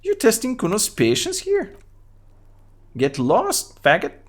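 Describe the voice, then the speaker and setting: A man with a Bulgarian accent voicing a crude, belligerent street kid boy in a high, squeaky put-on voice for a game read aloud on stream. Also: wildly swooping pitch, slow, full character voice. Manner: crude, belligerent, talks about himself in third person. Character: foul-mouthed scrappy street kid boy.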